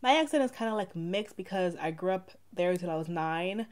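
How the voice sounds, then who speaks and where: Young woman vlogger, mixed Saint Lucian and Bronx accent, slightly low voice, rambling and casual. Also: lively intonation, a little fast. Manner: chatty, rambling, many "like" fillers. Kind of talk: casual get-to-know-me vlog.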